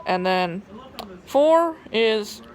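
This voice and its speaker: A woman's voice: mid-range voice, animated, extremely slow. A young woman with a Southern twang vlogs into her phone camera in a casual storytelling voice. Her talk rambles, full of cursing, "like" fillers and restarts. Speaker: vlogger.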